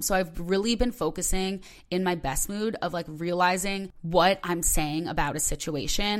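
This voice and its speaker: A woman's voice: lowish voice, fairly bright tone. A young woman hosting her own podcast, talking candidly and rambling with lots of filler words. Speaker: podcast host. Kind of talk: personal podcast monologue.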